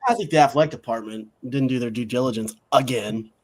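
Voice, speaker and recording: A man's voice: mid-range voice, fast, a little mellow. A man co-hosting a sports talk show, talking in a crude, blunt, mocking way. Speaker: podcast co-host.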